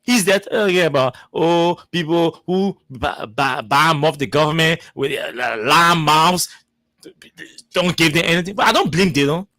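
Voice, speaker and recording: Mocking radio host. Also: male voice, fairly high pitch, normal speed, bright, forceful tone, dry recording. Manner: mocking, argumentative, repeats words. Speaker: radio talk show host. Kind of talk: radio commentary.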